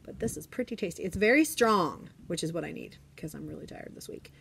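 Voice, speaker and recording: Chatty teacher woman, low voice. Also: expressive, fairly quick, creaky, slightly rough. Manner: chatty, often drops to a hushed whisper. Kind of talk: casual classroom vlog chat. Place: classroom.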